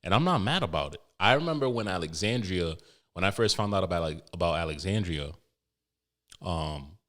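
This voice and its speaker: A man's voice: deep voice, animated, a little fast, a bit bright. A young man hosting a podcast, rambling through an emotional, profane story with many restarts. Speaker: podcast host. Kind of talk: casual podcast monologue.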